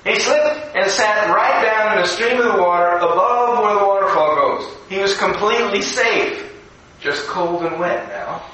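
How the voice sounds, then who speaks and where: A man's voice: high-pitched, normal speed, sharp tone. A man giving a recorded devotional sermon in a conversational, storytelling way, acting out the voices he quotes. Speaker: preacher. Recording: echoey room from far off.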